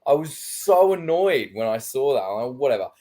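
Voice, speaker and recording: An Australian man in casual podcast chat, full of swearing and acted-out reactions. His pitch jumps up sharply when he gets worked up, then drops back to a mid-range, conversational tone. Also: moderate pace, background noise. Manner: animated storyteller who acts out his own reactions, swears freely. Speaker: podcast co-host.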